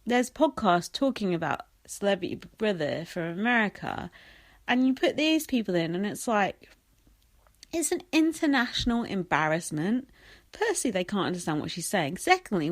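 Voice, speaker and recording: A woman's voice: medium pitch, very animated, moderate pace, no room sound. A young English woman hosting a casual solo podcast, blunt and sarcastic, swearing and mocking others in quoted voices. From England. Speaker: podcast host.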